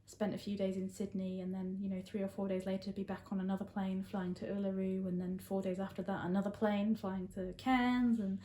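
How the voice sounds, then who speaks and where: An Englishwoman chats casually, laughing easily and stopping often for ums and restarts. Her voice sits in a middle pitch range. It is recorded in a roomy space with audible echo. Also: little pitch movement, fairly quick, few pauses, mellow. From England. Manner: chatty, laughs often, many fillers. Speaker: guest. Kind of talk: casual chat.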